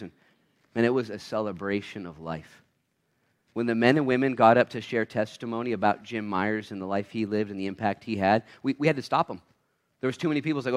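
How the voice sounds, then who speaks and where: A man pastor giving a sermon in church, swinging between quiet asides and loud, fired-up preaching. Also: medium pitch. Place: church sanctuary.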